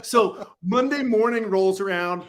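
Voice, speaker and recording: A man's voice: high-pitched, a little slow. A man guesting on a podcast, telling casual, rambling stories full of "like" and "you know, right?". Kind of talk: casual storytelling. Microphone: podcast microphone.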